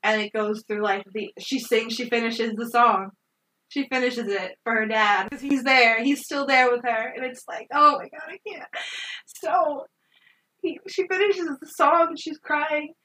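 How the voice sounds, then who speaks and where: A woman's voice: fairly high pitch, steady tone, measured pace, bright, forceful tone, far from the mic, poor audio. A woman co-hosting a podcast, retelling a film in an emphatic, profane and emotional way. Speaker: podcast co-host. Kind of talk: casual movie review chat.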